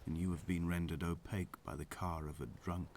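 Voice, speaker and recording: A man voicing a haunted, grieving narrator in a game, speaking slowly and poetically in measured scripted narration. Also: low voice, little pitch movement, slight background noise. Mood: brooding. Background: loud music.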